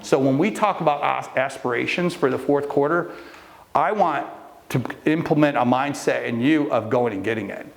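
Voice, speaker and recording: A middle-aged man tells a long, meandering story to a live group he coaches, performing the quoted people and restarting often with fillers, as part of a motivational talk. His voice is creaky and medium-pitched, at normal speed.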